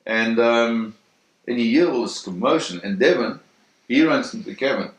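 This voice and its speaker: A man in an interview telling a first-hand story in a vivid, animated way, acting out the sounds and voices. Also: mid-range voice, moderate pace. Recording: roomy echo.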